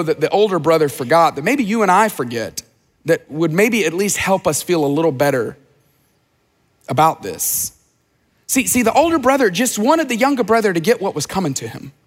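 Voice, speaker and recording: Animated male pastor preaching in a reverberant hall. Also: sits high. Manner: animated preaching, rhetorical questions, voices the characters. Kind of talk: sermon. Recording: long reverb of a large hall.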